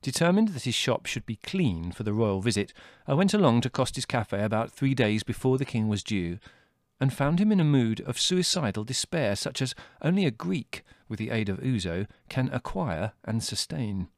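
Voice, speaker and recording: A man narrating an audiobook with wry, measured delivery. His pitch moves lively through each sentence, and the close studio recording is dry. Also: no echo. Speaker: audiobook reader. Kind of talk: scripted narration.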